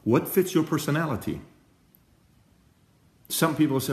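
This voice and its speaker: A man's voice: mid-range voice, normal speed, vocal fry, long pauses. A man hosting and giving a motivational talk, telling stories in an emphatic and direct way. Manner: emphatic storyteller, lively and direct. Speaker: host. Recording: echoey room.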